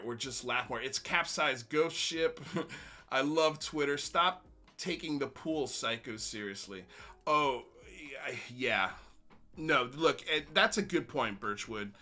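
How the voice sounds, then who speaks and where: A man's voice: medium pitch, pushed and bright. A man hosting a livestream, ranting bluntly and sarcastically, then reading viewer comments with frequent laughs. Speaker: livestream host.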